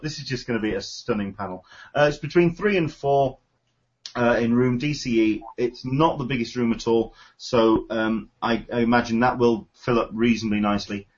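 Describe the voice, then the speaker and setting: On a dull, lo-fi recording, a man from the United Kingdom hosts a casual podcast chat, his medium-pitched voice expressive and moderately paced. He rambles eagerly and leans heavily on filler words.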